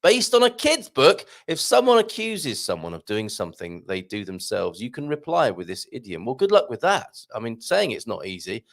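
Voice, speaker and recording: A man hosts a casual live stream, reading out comments and tips from his viewers. His voice sits at a middle pitch but rises and falls with a lot of movement. He sounds chatty and jokey, with self-deprecating asides. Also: wildly swooping pitch, normal speed, few pauses. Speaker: host of a live show.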